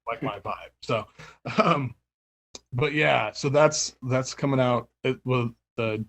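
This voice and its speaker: A man's voice: mid-range voice, slow pace, a bit bright. A man in casual interview chat, talking about running his record label, rambling with many fillers, restarts and laughs. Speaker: label owner and music writer.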